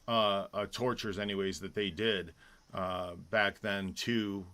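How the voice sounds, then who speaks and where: Bright-voiced man hosting a live show. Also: fairly low pitch, steady tone, slow, smooth. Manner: rambling, many fillers and restarts. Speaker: host of a live online show. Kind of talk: casual live-stream chat.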